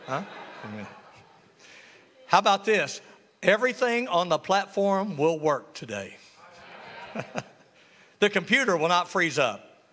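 Animated, bright-voiced preacher man. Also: sits high, unhurried, long pauses. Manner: lively call-and-response preaching with humor. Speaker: pastor. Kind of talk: sermon. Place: church sanctuary. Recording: reverberant church hall.

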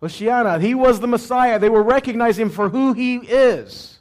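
A messianic teacher with a high voice gives a teaching sermon at a moderate pace, often posing questions to listeners and then answering them himself. He shifts between loud cries and quiet asides.

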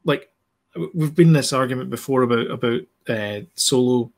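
A man's voice: mid-range voice, normal speed, darkish tone. Chatty man explaining with many restarts. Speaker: podcast co-host. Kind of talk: casual chat.

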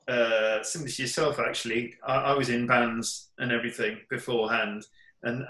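A man in his fifties from England talks casually as an interview guest. He rambles with many ums and restarts, and his bright, forceful voice rings in a roomy echo. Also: mid-range voice. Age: 50s. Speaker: comic artist guest. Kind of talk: casual chat.

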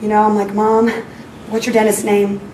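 At a school parenting talk in a school hall, a woman in her forties earnestly tells parents a personal faith story, acting out her own prayers with rising emotion. Her voice is mid-range and warm at normal speed, though her delivery is completely flat, and she's recorded from far off in an echoey hall with faint ambient noise.

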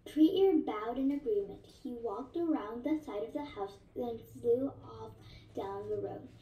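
Woman narrator, reading a book aloud, mellow tone, off-mic in an echoey room. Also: fairly high pitch, a little slow, far from the mic. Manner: steady, with small slips and self-corrections.

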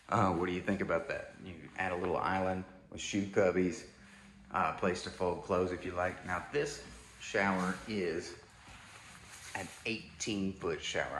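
Deep-voiced man touring a house. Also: unhurried, a bit bright, a little hiss or hum. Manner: casual, enthusiastic, addresses viewers as y'all. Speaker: home tour host. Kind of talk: walkthrough home tour narration. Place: inside a new house.

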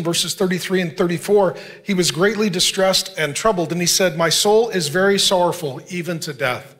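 A man's voice: sits high, fairly bright tone. A middle-aged male pastor preaching a sermon, reading scripture aloud and speaking earnestly and directly to his congregation.

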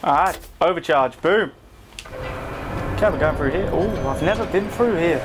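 A man commenting on his own gameplay with a high, bouncy voice that swings all over the place. He talks slowly and chats to his viewers. Game gunfire and noise sit clearly under him. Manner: excitable, chatty, talks to viewers, swears. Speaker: gaming video host.

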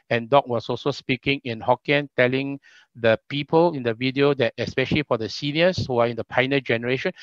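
A man's voice: medium pitch, a bit bright, no room sound, highs cut off. A Singaporean man hosting an online political rally over a video call, chatty, with many fillers and repeats. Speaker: rally emcee.

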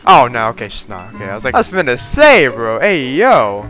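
Male game streamer, excitable and jokey commentary, bright, pitch jumps all over. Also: fairly quick, faint music behind. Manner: excitable, jokey, reads chat aloud, frequent laughs. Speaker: gaming video creator. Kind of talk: casual gameplay commentary.

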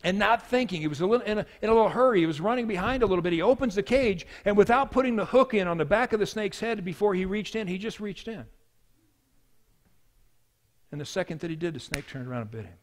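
Higher-voiced preaching man. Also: lively intonation, fast. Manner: storytelling preacher, swings from hushed to loud. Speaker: pastor. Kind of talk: sermon.

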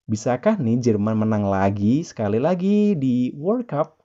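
An English teacher, running a pronunciation lesson, repeating each word slowly and emphatically, with playful chatty asides. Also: mid-range voice, big pitch swings, warm tone, dull audio. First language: Indonesian. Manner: slow, emphatic repetition of words. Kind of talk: pronunciation lesson, drilling words.

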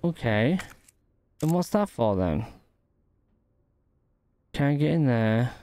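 A man talks his way through a video game, thinking aloud and muttering half to himself as he hunts for the way forward. His voice is smooth and resonant, pitched in the middle for a man. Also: big pitch swings, takes it slowly, warm tone. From United Kingdom. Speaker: gaming channel host. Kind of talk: gameplay commentary.

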